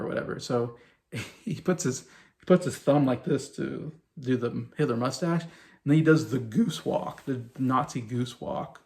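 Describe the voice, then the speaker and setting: Rambling man with a gravelly voice. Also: medium pitch, lively intonation, a little slow, darkish tone. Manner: rambling, many fillers and restarts. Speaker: show host reviewing a sitcom. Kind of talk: casual spoken review.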